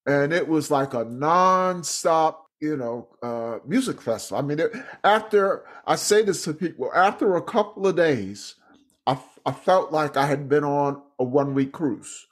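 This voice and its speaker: Halting male podcast host, slightly higher voice. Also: expressive. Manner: hesitant, repeats words while framing questions. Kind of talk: interview hosting.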